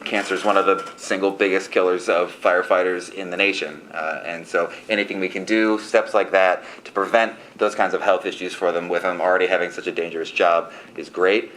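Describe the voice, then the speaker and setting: Deep-voiced earnest council member, a man. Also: level tone, fairly quick, hardly any pauses, fairly bright tone, a little hiss or hum, low-quality recording. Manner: earnest, enthusiastic explaining. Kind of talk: council meeting remarks.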